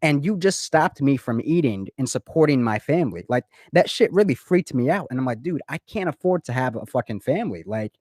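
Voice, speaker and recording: A man tells a personal story in casual chat, animated and profane. He swears freely and trips over repeated words. His voice sits at a middling pitch, recorded close and dry. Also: brisk, hardly any pauses, no echo. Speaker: guest in a recorded conversation. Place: lives in Florida.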